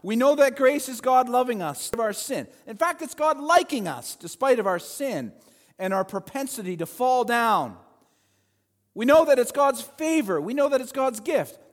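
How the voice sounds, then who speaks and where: A male pastor preaching a sermon, with animated delivery that swings between loud emphasis and quiet asides. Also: extremely high pitch, big-room sound. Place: church sanctuary. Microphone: handheld or headset mic with feedback.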